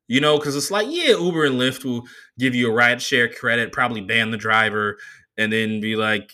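A man in his thirties hosting a solo podcast who tells stories in a profane, animated way. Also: medium pitch, moderate pace. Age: 30s. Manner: profane, animated, laughing asides. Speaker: podcast host. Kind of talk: solo comedic storytelling.

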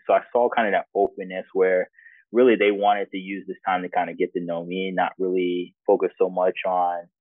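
A man's voice: low voice, no echo. A man being interviewed, telling personal stories in a reflective, easygoing way. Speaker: interview guest. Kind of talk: casual personal storytelling. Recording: tinny phone-like dry sound.

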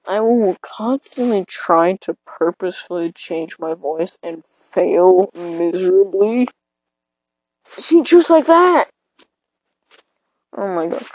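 A woman's voice: medium pitch, darkish tone, low-quality recording. A teenage girl rambling hesitantly into her phone from her bed late at night, self-deprecating, her voice cracking now and then. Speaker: podcaster. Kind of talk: casual rambling monologue.

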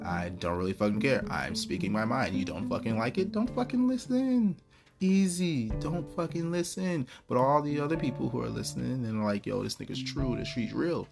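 A man's voice: fairly low pitch, fast, gravelly, hardly any pauses, over music. A man hosting a podcast, telling a story in a blunt, profane, casual rant. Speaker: podcast host.

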